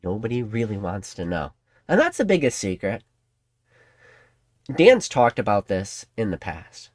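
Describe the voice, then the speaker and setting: A man's voice: on the low side, huge pitch swings, a little slow, dry recording. A man hosting a trading card channel, talking in a casual, rambling, conspiratorial way to his viewers. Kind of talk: casual commentary to camera.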